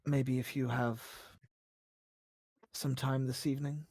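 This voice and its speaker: A game master voicing a gentle, overlooked young woman who speaks softly and shyly in a tabletop game. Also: mid-range voice, flat delivery, takes it slowly, creaky, slightly rough, dry recording, voice pushed down, heavily acted. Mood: tender, quiet. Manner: soft and hushed. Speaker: non-player character.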